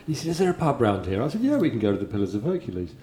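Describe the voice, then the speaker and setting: Mellow-voiced man in an echoey room. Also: medium pitch, wildly swooping pitch, very fast. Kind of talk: casual chat, anecdotes.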